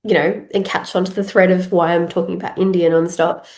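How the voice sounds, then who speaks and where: A woman's voice: fairly low pitch, little pitch movement, a little fast, a little mellow, roomy sound. Congested Australian woman podcasting. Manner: rambling, many fillers and restarts. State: congested with a head cold. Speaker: podcast host. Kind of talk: casual solo podcast chat.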